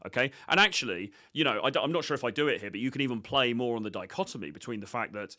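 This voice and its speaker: A man's voice: mid-range voice, animated, fast talker, hardly any pauses, bright, forceful tone, no echo, clean studio sound. A man coaching on dating, commenting on his own footage in a blunt, cocky, profane way with many fillers.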